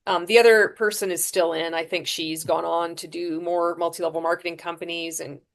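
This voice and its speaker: A woman guest on a podcast, telling her story frankly, with lively restarts and fillers. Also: on the low side, fairly quick. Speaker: podcast guest, former MLM seller. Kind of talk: candid storytelling interview.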